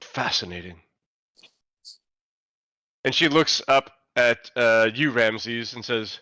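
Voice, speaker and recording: A man's voice: medium pitch, lively intonation, takes it slowly, long pauses, pushed and bright, no echo, studio quality. A man running a tabletop game, narrating scenes and voicing characters. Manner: describes scenes then voices characters. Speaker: game master.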